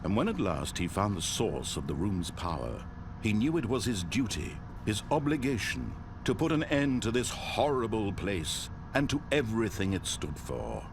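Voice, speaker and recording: Dramatic game narrator. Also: male voice, on the low side, very animated, normal speed, vocal fry, noisy background. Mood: grand. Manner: dramatic, swelling theatrical delivery. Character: grand omniscient male storyteller narrator.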